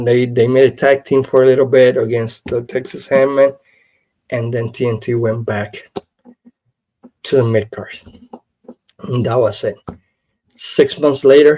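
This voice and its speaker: A man hosting a podcast, telling a story in a casual, animated way with many "you know" fillers. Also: medium pitch, low-quality recording. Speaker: podcast host. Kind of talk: casual wrestling history commentary.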